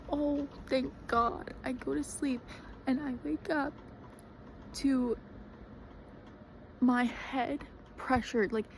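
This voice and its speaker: A woman's voice: a little high, a little mellow, a little hiss or hum, low-quality recording. A young woman telling a story in a chatty, dramatic way, full of fillers. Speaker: vlogger. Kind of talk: casual storytelling.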